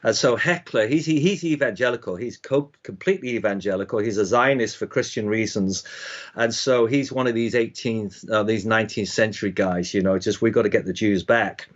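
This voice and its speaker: A man's voice: fairly low pitch, a little fast. A man teaching Bible prophecy history in a casual, conversational way, rambling with frequent restarts and fillers. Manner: rambling, many restarts and "you know" fillers. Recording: slightly dull lo-fi audio.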